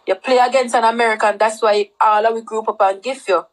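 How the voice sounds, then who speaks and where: A woman's voice: on the high side, steady tone, brisk. Jamaican woman rambling on a livestream. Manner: rambling, repetitive, Patois-mixed talk. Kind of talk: casual livestream chat.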